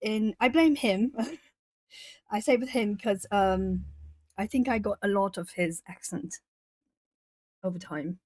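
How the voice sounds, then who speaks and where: A woman's voice: medium pitch, unhurried, pauses often, a little mellow, no echo. A woman from Brazil chatting casually on a live art stream, laughing often and answering viewers' comments as she colours. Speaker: artist streamer.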